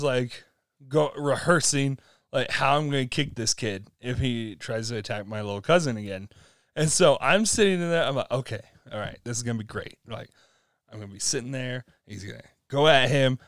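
A man's voice: medium pitch, no room sound, clean studio sound. A young man casually telling a long story, laughing often and acting out the people in it. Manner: animated storytelling with laughs and acted-out quotes. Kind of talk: casual chat.

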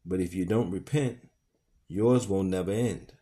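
A man voicing a devout old enslaved man in a read-aloud story, steady and firm. The delivery is slow and deliberate, in a low, mellow voice. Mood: pleading.

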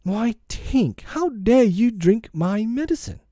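A man voicing a brave, cocky boy hero in a storybook reading, high and exclaiming. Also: wildly swooping pitch, unhurried, warm tone, no echo, clean studio sound, full character voice. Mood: bold.

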